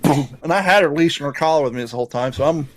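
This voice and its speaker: A man hosting a podcast, telling a rambling, profane story in an animated, casual way. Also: fairly high pitch, rapid-fire, dry recording. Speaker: podcast host.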